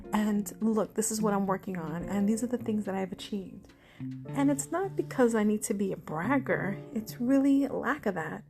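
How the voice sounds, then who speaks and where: A self-assured woman in her forties with a New York accent talks through her own stories like a podcast host. She sounds chatty and confident, at an ordinary middle pitch. Guitar music plays clearly underneath her voice. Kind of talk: casual personal monologue.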